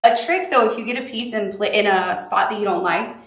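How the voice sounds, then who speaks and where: A woman's voice: medium pitch, a little fast, roomy sound, far from the mic. A woman with a Southern accent leads a live quilting tutorial, chatty and upbeat, with cute little asides. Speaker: quilting instructor.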